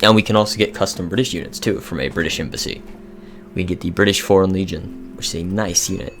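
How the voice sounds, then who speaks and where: A young man giving casual, excitable commentary over a strategy game, reading game events aloud. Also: deep voice, fast, slight background noise. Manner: chatty, excitable, reads in-game text aloud. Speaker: gaming video host. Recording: faint music behind.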